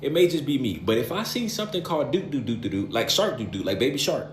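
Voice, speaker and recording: A man in his late twenties, a youth coach, telling a story to camera in an animated, exasperated, slangy way. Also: mid-range voice, fast talker, a little hiss or hum. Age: late 20s. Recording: roomy echo.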